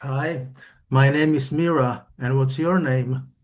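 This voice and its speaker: A Czech man, a student in an online class, speaks slowly and haltingly with fillers in a mid-range voice over a video call. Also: mid-range voice, steady tone, darkish tone. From Czech Republic.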